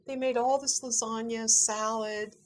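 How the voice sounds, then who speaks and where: A woman in casual conversation, recalling family events in a chatty, animated way and laughing often. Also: fairly high pitch, measured pace, a little hiss or hum. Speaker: family member recounting a parent's final weeks.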